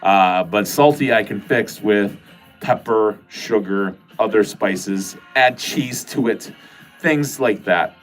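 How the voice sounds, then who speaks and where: A man's voice: on the low side, slow pace, faint music behind. A man from Wisconsin with a nasal voice and a Wisconsin accent, rambling casually as a livestream host and swearing now and then. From Wisconsin, USA. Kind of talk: casual livestream chat with viewers.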